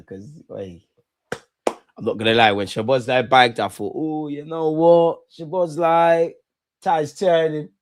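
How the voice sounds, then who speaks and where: A man streaming a live football watchalong, talking in excitable, gloating banter full of slang. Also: mid-range voice.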